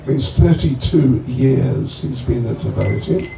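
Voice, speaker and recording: A man's voice: medium pitch, huge pitch swings, vocal fry. A man giving a chatty, joking talk that introduces a guest to devotees at a bonfire gathering. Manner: joking, chatty, slow and rambling. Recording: echoey, distant, faint ambient noise.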